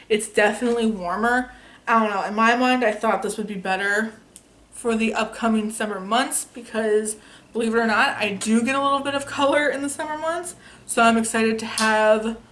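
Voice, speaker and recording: A young woman with a slightly high voice talks through a makeup haul in a chatty, enthusiastic way. She swears casually and sounds relaxed, filming at home. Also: a little hiss or hum. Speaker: beauty youtuber.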